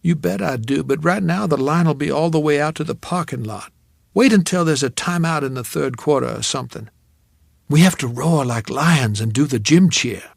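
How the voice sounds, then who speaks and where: A man voicing a lively young woman who speaks in an eager, friendly, insistent way. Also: a little high, moderate pace, gravelly, dry recording, clean studio sound.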